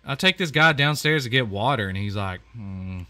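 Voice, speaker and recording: A man talking through a horror game in a loose, chatty way, his pitch jumping up and down as he reacts. His voice is bright and forward, and he exclaims and repeats himself a lot. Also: expressive, brisk. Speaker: gamer playing a horror game. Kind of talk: casual let's-play commentary.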